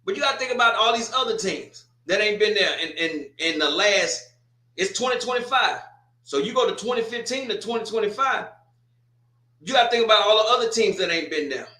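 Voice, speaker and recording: A man's voice: high voice, lively intonation, fairly quick, pushed and bright, echoey room. A man hosting a casual sports talk stream, teasing and trash-talking a team and repeating his points. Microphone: streaming setup.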